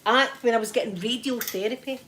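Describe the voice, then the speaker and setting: A woman's voice: on the high side, quick pace, a bit bright, slight background noise. A middle-aged Scottish woman chatting casually to her viewers, telling rambling stories with frequent restarts. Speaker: ASMR streamer. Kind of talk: casual storytelling chat.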